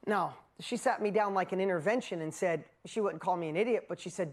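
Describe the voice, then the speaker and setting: A man in his fifties from upstate New York, speaking as a motivational speaker to a live audience. He is emphatic and animated, and jokes at his own expense in quick bursts. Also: sits high. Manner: animated and emphatic, with self-mocking asides and fast bursts.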